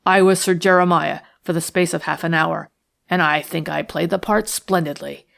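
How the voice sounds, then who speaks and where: A woman's voice: steady tone, normal speed, gravelly, a bit bright. Woman reading as a harsh, sullen male schemer. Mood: boastful. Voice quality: harsh, coarse. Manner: sullen, menacing, low-voiced. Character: rough jealous male schemer, bitter and threatening. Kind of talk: audiobook character reading.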